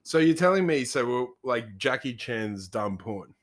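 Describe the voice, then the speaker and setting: Young Aussie bloke, podcast host, crude laughing banter, swears a lot, voice swings up and down. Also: male voice, mid-range voice, expressive, a little slow. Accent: Australian. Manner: swears constantly, laughs often.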